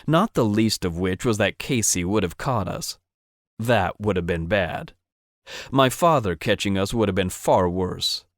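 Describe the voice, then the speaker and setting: A man narrates a first-person romance audiobook with intimate, steady storytelling. His voice sits fairly low. The recording is dry and close, with no room sound. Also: unhurried, no echo.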